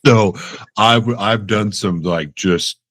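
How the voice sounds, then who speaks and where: A man's voice: on the low side, slow, a bit bright, no echo. A man hosting a podcast interview, chatting casually, laughing often and acting out his own reactions in a self-deprecating way. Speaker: podcast host.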